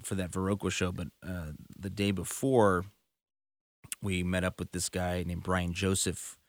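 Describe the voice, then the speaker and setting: A man's voice: sits low, level tone, unhurried, no echo. A man, a touring musician, telling stories in casual conversation, rambling and full of fillers. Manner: rambling storyteller, many fillers.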